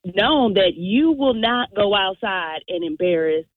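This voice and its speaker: A woman's voice: mid-range voice, unhurried. A woman calling in to a radio talk show, telling a story with acted-out voices. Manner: animated storyteller, acts out voices. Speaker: radio caller. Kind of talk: storytelling call-in. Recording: tinny phone line, dry.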